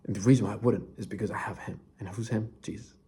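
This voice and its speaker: A man's voice: lowish voice, fairly even intonation, fast talker, mellow. A young man talking casually and earnestly to camera about Bible verses, often saying "dude" and dropping to near whispers. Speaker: faith vlogger.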